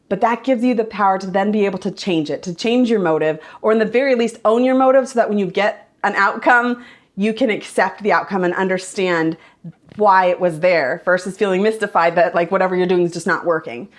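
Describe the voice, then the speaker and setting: A woman vlogger and mother telling a story in a chatty, lively way, quoting herself as she goes. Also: mid-range voice, fairly quick. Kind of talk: casual storytelling vlog.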